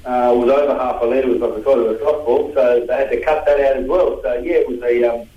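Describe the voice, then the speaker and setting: A man's voice: medium pitch, steady tone, quick pace, reverberant, lo-fi sound. A man in his thirties with an Australian accent, talking bluntly and combatively as a guest on a radio show. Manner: blunt, combative, slang-heavy. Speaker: guest boxer. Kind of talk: radio phone-in interview.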